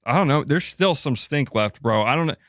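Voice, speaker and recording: A man's voice: on the high side, expressive, a little fast, fairly bright tone, no echo, studio quality. A young man hosting a casual gaming livestream, bantering playfully with his cat and reading viewer chats aloud. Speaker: gaming news streamer.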